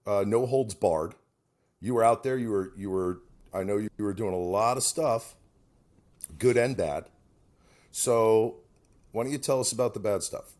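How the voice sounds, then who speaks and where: A middle-aged man co-hosting a podcast, telling stories in a loose, swearing, casual chat. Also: medium pitch. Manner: animated storyteller, swears freely. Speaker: podcast co-host.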